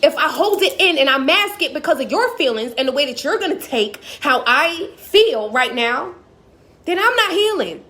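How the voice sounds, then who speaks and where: A woman's voice: sits high, very animated, normal speed, sharp tone. A woman, giving an impassioned, emotional personal monologue as a motivational speaker. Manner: impassioned, talks straight to the audience.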